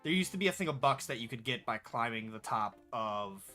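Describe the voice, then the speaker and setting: A man's voice: medium pitch, lively intonation, brisk, pushed and bright, faint music behind. A young man casually commenting on his gameplay, laid-back and rambling, swearing now and then. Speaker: gaming streamer.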